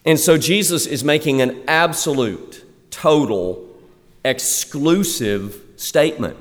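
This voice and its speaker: In a large church sanctuary, a male pastor with a slightly high voice preaches a sermon, chatting with the congregation and hitting key points hard. He slows down to stress the scripture he reads.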